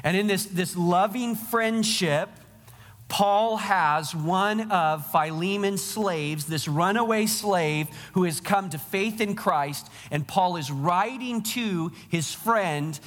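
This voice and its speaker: Man, pastor, earnest sermon, slightly high voice, slow delivery, long hall reverb. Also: fairly bright tone. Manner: earnest preaching, addressing the congregation directly.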